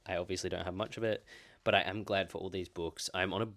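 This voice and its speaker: A young man in his twenties with an Australian accent and a notably deep, low voice. He talks loosely and rambles through his book purchases with a self-mocking streak, in the easy tone of a casual vlog. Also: steady tone, fast, gravelly, fairly bright tone. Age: 20s. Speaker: book vlogger. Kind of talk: casual book haul chat.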